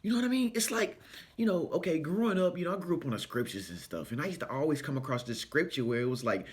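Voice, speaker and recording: Animated man preaching positive vibes. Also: fairly high pitch, fast talker. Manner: animated, preachy, sing-song. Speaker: spiritual self-help vlogger. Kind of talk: motivational vlog talk.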